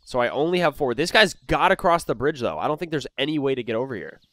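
A young man giving excited gameplay commentary as a gaming YouTuber, swinging between hushed muttering and loud outbursts. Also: medium pitch, fast talker, no echo.

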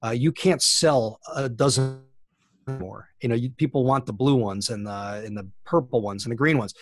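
A man's voice: medium pitch, moderate pace, faint music behind. A middle-aged man, a plant scientist, giving thoughtful interview answers with frequent fillers and restarts.

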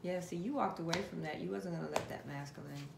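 A woman's voice: on the low side, fast talker, vocal fry. A woman giving a casual tarot reading to her viewers, chatty and direct, putting questions to spirit aloud. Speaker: tarot card reader. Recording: echoey room with steady background noise.

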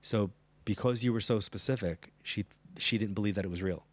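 A middle-aged man tells stories quickly, playing out both sides of each conversation. His voice sits low, and the studio sound is dry and close. He is a guest in front of a live audience. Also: dry recording. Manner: animated anecdote telling, acts out dialogue. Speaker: psychic medium guest. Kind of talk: storytelling interview chat.

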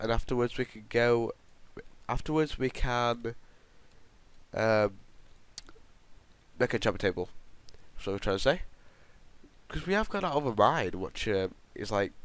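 In dry-sounding gameplay commentary, a man with a medium-pitched voice hosts a gaming video, rambling and joking with his viewers as he plays.

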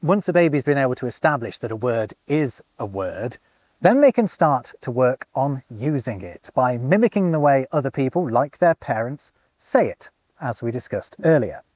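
Man, animated explainer, swooping lively intonation, close dry studio sound. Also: mid-range voice, normal speed, no echo. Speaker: host. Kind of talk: scripted presenter narration.

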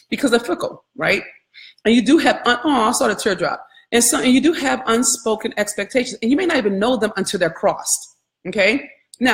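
A woman business coach giving a live training, candid and animated, swearing freely and calling her audience y'all. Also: mid-range voice, reverberant.

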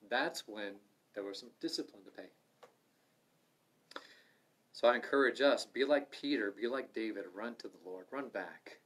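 A middle-aged man leading a livestreamed Bible study, earnest and conversational, swinging from loud urging to soft asides. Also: mid-range voice, lively intonation, moderate pace, slightly rough. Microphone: livestream microphone.

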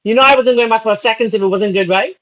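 A woman's voice: on the high side, quick pace. A Bahamian woman hosting a live cooking show, chatting casually, laughing, and turning tearful and spiritual as she talks. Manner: emotional, laughing, spiritual asides. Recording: slightly dull audio with faint noise.

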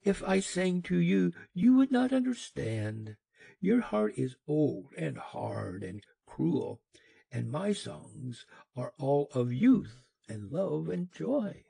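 A man voicing a sad, fading dream spirit that speaks in a mournful, pleading way, raised well above his usual pitch. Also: very animated, takes it slowly, gravelly, warm tone, husky, no echo, heavily acted. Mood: sorrowful pleading.

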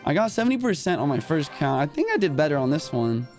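A young man streaming a mobile game, calling out each move in quick play-by-play while a little short on sleep. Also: on the high side, sing-song, a little mellow, soft background music. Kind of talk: live gameplay commentary.

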